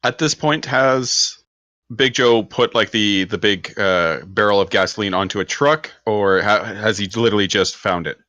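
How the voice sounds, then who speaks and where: A man playing in a tabletop game, describing his action in a hesitant, halting way on a dull, lo-fi microphone. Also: on the low side, sharp tone, dry recording. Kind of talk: casual game table chat.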